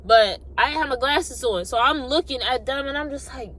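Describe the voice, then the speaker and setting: A young adult woman casually telling a personal story, animated and colloquial, acting out what people said. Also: high-pitched, moderate pace, few pauses. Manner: animated, acts out quotes, colloquial. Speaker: vlogger.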